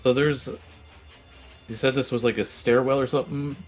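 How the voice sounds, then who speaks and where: A young man playing a tabletop game in a relaxed, offhand way with easy laughs. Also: medium pitch, normal speed, over music. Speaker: player. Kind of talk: casual tabletop play.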